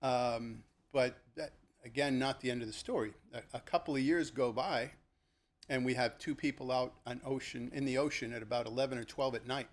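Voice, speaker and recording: Older retired police lieutenant telling stories. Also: male voice, brisk. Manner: animated, acts out the people in his stories with sharp jumps in pitch; conversational, with fillers and restarts. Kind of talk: podcast storytelling.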